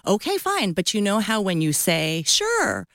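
A woman's voice: medium pitch, moderate pace, dry recording, studio quality. A woman in her fifties, a guest author on a radio interview, telling a story with playful acted-out voices. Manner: animated storyteller acting out voices.

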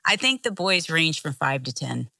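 A middle-aged woman tells a story in a casual chat, her voice bright and lively while sitting slightly low in pitch. She laughs often as she talks. The recording is dry and close. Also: moderate pace, vocal fry, no room sound. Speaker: co-host.

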